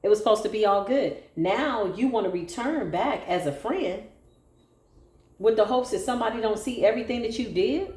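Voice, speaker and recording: A woman's voice: on the high side, expressive, moderate pace, noisy background. A woman giving a solo tarot reading, sassy, sarcastic and preachy. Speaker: tarot reader. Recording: echoey room with faint music.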